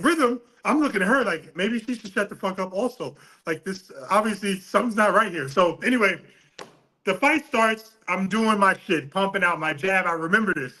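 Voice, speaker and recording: A man's voice: high voice, poor audio. A middle-aged man from New City, a boxing coach telling a story with laughs and swearing in a casual interview. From New York City. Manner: animated, laughing, profane storyteller.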